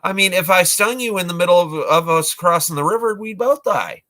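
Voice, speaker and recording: A sly, wheedling scorpion from an old fable pleads its case in a raised, bright voice, as a man tells the tale and puts it on. It sounds insistent, pressing its logic hard. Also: high voice, expressive, a little fast, pitched above the performer's own voice.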